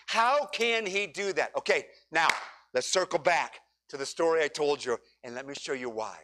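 A man preaching a sermon, leading his congregation through scripture with dramatic pauses and emphatic repetition. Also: a little high, lively intonation. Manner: preaching with dramatic pauses, rising to near shouts. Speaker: pastor.

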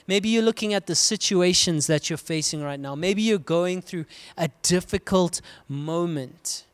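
A man from South Africa preaching a sermon, swinging between loud cries and hushed, quiet lows. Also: measured pace, few pauses, clean tone. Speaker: pastor.

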